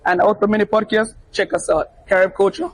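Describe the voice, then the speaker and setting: A man's voice: high-pitched, fairly even intonation, brisk, a little hiss or hum, rough recording. A man with a British accent giving a casual backstage interview as a DJ, friendly and laughing often while giving earnest advice. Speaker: DJ and interview guest. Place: backstage media room at a music festival.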